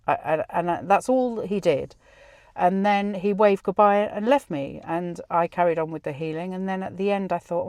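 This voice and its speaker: A woman's voice: fairly low pitch, darkish tone, dry recording, clean studio sound. A middle-aged woman hosting a podcast, telling a personal story in a chatty way and acting out the dialogue. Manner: chatty, many restarts and quoted dialogue. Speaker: podcast host.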